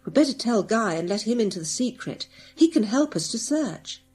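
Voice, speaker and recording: A woman's voice: fairly high pitch, big pitch swings, moderate pace, darkish tone, husky. Woman reading decisive boy leader, making plans. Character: sensible older boy, leader of the group.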